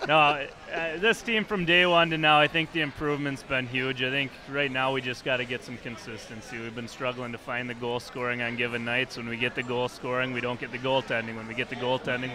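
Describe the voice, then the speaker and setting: A man speaking as an assistant hockey coach, answering questions plainly and steadily in a restaurant. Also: mid-range voice. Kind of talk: casual interview answers.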